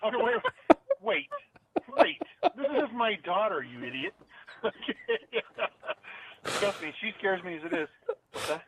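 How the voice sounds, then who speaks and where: A man's voice: high-pitched, huge pitch swings, unhurried, creaky, long pauses, fairly bright tone, a little hiss or hum. A middle-aged father co-hosting a casual podcast, chatty and teasing, laughing often. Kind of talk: casual chat. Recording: tinny phone-like line.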